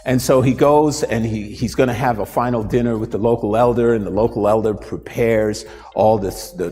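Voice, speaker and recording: Man telling a story in a reverberant studio. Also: fairly low pitch. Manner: animated storyteller, acts out voices. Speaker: radio show host. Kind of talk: storytelling and live demonstration. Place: radio studio.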